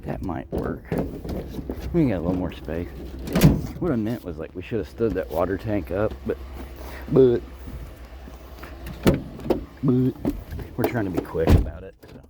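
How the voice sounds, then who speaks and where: Man, low and animated, joking self-filming scrap picker; noisy outdoor night recording. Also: fairly quick. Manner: joking, rambling, mock voices of viewers. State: out of breath. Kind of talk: rambling casual vlog. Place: outdoors at night, curbside and in a vehicle.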